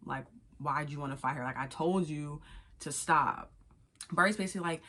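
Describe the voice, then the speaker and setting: A woman's voice: low voice, moderate pace, sharp tone. Woman doing a gossipy show recap. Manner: blunt, profane, gossipy storytelling. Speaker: vlogger recapping a reality show. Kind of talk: casual recap commentary.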